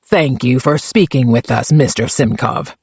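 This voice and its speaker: A man voicing a calm, pleasant senior female police investigator who speaks in a measured, quietly pointed way. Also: mid-range voice, husky, no room sound, dull audio, voice pushed down.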